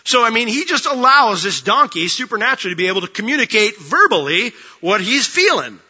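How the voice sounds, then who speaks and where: Man preaching a sermon, high voice, very bright, joking and conversational, long hall reverb, dull sound. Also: big pitch swings, brisk, breathy edge. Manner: conversational, joking, acts out quotes. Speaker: pastor.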